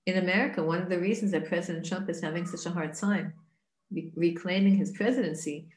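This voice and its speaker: A woman's voice: fairly low pitch, fairly even intonation, fast talker, darkish tone. Earnest woman teaching in an echoey room. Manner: earnest, conversational, with frequent restarts and rhetorical questions. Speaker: Torah teacher. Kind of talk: casual Torah class.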